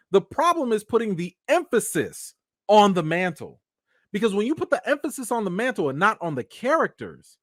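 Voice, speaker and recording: A man's voice: very high-pitched, fairly bright tone, dry recording, studio quality. A man giving casual live-stream commentary, emphatic and slangy, firing off rhetorical questions.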